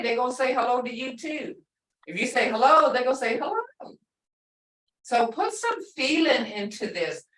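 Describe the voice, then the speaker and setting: A woman language instructor leading a class through slow, repetitive syllable drills and explaining pronunciation emphatically. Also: a little high, fairly bright tone. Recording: echoey room, voice from a distance.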